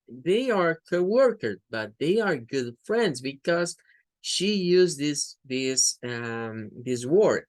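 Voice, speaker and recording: A woman who speaks Spanish as her first language teaches an English class, slowly repeating phrases for pronunciation drills in her Spanish accent. Her voice sits on the lower side, and the recording has no room sound.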